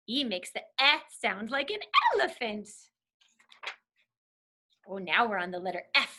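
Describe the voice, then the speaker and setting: A woman's voice: on the high side, lively intonation, measured pace, sharp tone. A woman reading a children's alphabet book aloud, sounding out letters in a playful, sing-song teacher's manner.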